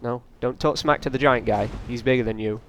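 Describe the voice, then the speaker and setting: A man's voice: medium pitch, fairly even intonation, brisk, a bit bright, a little hiss or hum. Chatty man doing let's play commentary. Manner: casual, rambling, taunts enemies on screen. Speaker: gaming channel host.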